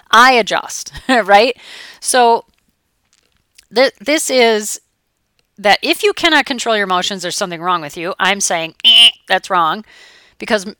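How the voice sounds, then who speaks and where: A middle-aged woman coach giving a chatty, animated motivational talk, now and then acting out her clients' voices. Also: medium pitch, clean tone, no room sound, studio quality.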